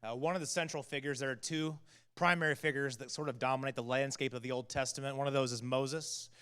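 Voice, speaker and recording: A man's voice: medium pitch, fairly even intonation, quick pace, a bit bright, clear, resonant tone. A man who is a teaching pastor, giving a sermon in a casual storytelling way with many fillers. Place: church hall. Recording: long church hall reverb.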